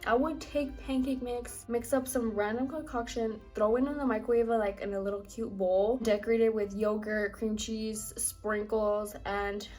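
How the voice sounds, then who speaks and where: A woman in her twenties, a home baker, chatting to camera for her vlog in a bubbly, fast, gushing way. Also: fairly high pitch, steady tone, darkish tone, soft background music. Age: 20s. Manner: bubbly, talks fast and gushes. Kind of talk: casual chat to camera.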